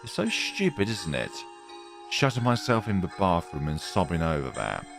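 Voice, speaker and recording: A man's voice: low voice, sing-song, normal speed, creaky, over music, full character voice. A man voicing a timid, heartbroken teenage schoolgirl in a raised, pleading voice. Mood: sad.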